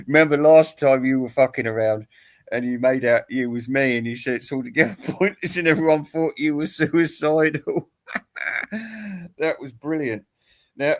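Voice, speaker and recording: Teasing man ranting to camera. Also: medium pitch. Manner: teasing, crude, laughs at own jokes. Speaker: YouTube commentator. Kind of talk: rambling mock-serious rant.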